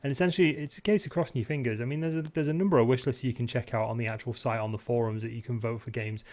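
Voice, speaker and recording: A man hosting a gaming podcast, steering the talk in a relaxed way with frequent ums. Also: mid-range voice, rapid-fire. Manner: relaxed, steering the show with fillers. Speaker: podcast host. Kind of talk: casual chat.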